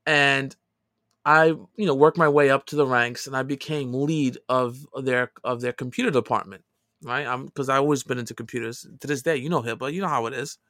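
Animated man telling a story, dry sound. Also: medium pitch, brisk, no echo. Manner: animated, swings from quiet asides to loud emphatic lines. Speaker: podcast co-host telling a story. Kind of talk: casual storytelling.

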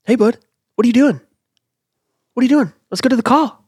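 A man doing a loud, repetitive celebrity impression of an amped grown man with a Boston accent, calling out to a little buddy. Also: extremely high pitch, fairly quick, husky, dry recording, voice pushed up.

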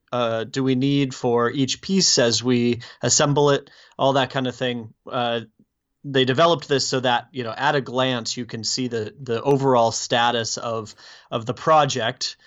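A man from the United States answers interview questions in a measured, explanatory way, pausing on fillers. His mid-range voice comes over a slightly dull, muffled line. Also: medium pitch, fairly even intonation, fairly bright tone. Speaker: guest, plugin developer.

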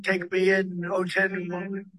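A man reading aloud a poem and voicing a vicious male snake with a sly, mocking manner in slow recited verse. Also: high-pitched, completely flat delivery, sharp tone, dry recording. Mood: pleading.

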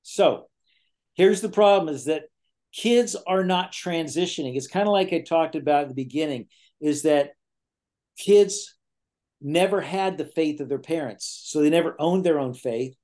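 A man's voice: fairly high pitch, moderate pace, a little mellow. A middle-aged man, a guest speaker on parenting, explains a point in an earnest, lecture-like way during a conversation.

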